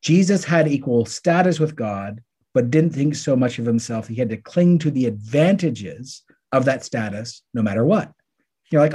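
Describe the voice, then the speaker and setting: A man co-hosting a podcast, teaching through Bible passages in a casual, lively way and acting out the questions listeners might ask. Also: medium pitch, moderate pace, slightly rough.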